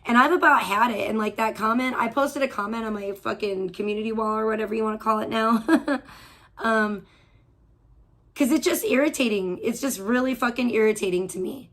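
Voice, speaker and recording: A woman with a somewhat high voice rants on her livestream from home. She talks in a heated, profane, rambling way, often breaking off and restarting her sentences. Her swearing is blunt and constant. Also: moderate pace. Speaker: livestream host. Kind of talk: audio-only livestream rant.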